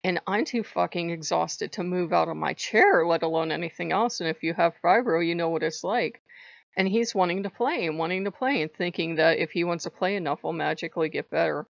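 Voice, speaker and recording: Woman rambling on her vlog, gravelly voice, dull lo-fi dry sound. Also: on the low side, a little fast, dry recording. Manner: rambling, chatty, swears casually. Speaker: channel host. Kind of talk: casual spiritual vlog chat.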